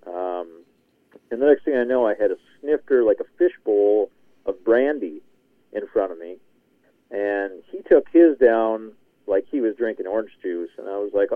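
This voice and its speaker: A man telling a rambling story with lots of laughter and filler, heard through a tinny, narrow phone line. The sound is dry with no room around it. His pitch sits in the middle range. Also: lively intonation, normal speed, no room sound. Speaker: guest contributor. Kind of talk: casual podcast storytelling.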